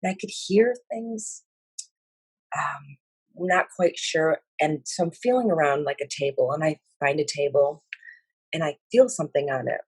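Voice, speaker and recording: A breathy, husky woman tells of a vision in a slow, halting way, pausing often with fillers. Her tone is earnest and emotional. The sound is dry and close, with no room echo. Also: low-pitched. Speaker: speaker sharing a spiritual vision. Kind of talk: personal account of a vision.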